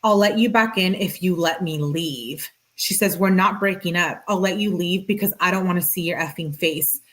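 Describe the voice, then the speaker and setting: A woman's voice: fairly low pitch, normal speed, a bit bright. A woman reading text messages aloud and reacting to them in a casual, slangy way with sarcastic asides. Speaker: true-crime commentator.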